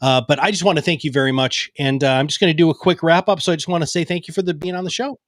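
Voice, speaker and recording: A male show host, upbeat and appreciative as he speaks to his guest. His voice sits a little on the high side, and the sound is dry and close. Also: fairly even intonation, rapid-fire, no echo. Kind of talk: interview hosting.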